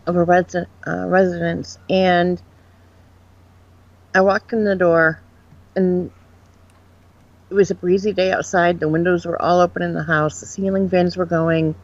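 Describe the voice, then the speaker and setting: A woman's voice: on the low side, creaky, darkish tone. A woman from Upstate New York, a guest psychic medium, rambling frankly and animatedly through her experiences in a casual interview. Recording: dull lo-fi sound.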